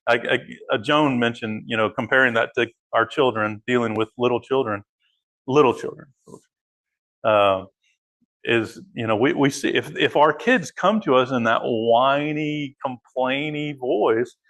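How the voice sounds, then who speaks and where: A man's voice: medium pitch, normal speed, a bit bright. A man teaching an adult Bible class in a church room, talking things through with frequent restarts and fillers. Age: adult father. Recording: echoey room, voice from afar.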